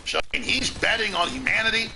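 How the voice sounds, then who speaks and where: A man's voice: sits high, animated, vocal fry, over music. A male talk show host ranting emphatically in commentary. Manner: emphatic, rapid, conspiratorial.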